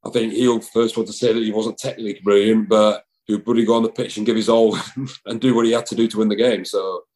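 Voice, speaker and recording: A man's voice: on the low side, level tone, quick pace, darkish tone, low-quality recording. A man, a rugby player chatting casually in an interview, rambling with lots of fillers and restarts. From England.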